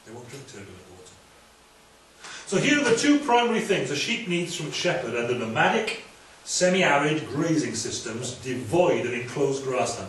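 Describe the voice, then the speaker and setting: Brief: male preacher, chatty lively sermon, recorded from afar in a very echoey hall with faint noise. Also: on the high side, far from the mic. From Wales. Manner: lively, conversational preaching with asides and quick humor.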